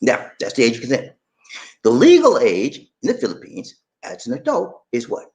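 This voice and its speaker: A man's voice: medium pitch, huge pitch swings, normal speed, darkish tone. A man hosting a casual vlog, chatty and repetitive as he quizzes viewers. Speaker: channel host.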